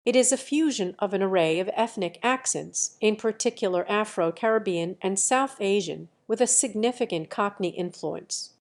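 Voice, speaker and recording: A woman with a mid-range voice reads encyclopedia text aloud as scripted narration. Her delivery is even and matter-of-fact, with stiff pauses between phrases. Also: mid-range voice.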